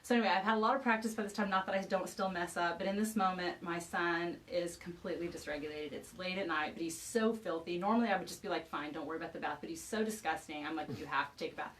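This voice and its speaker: A woman's voice: lowish voice, fast, hardly any pauses. Woman expert telling a parenting story, distant mic. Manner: animated storyteller, acts out quoted dialogue. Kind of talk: conversational explanation with anecdotes. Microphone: video call.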